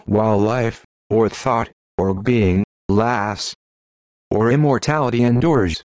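Low, fervent male preacher, dry sound. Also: slow pace, a little mellow, no room sound. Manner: fervent, solemn and rhetorical. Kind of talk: old-style sermon reading.

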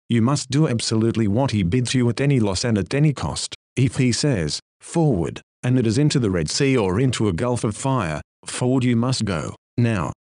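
A man's voice: medium pitch, darkish tone, dry recording. Guy preaching a sermon, urgent and pushy, keeps repeating his call, dry close sound. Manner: urgent, exhorting, repeated commands. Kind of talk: sermon reading.

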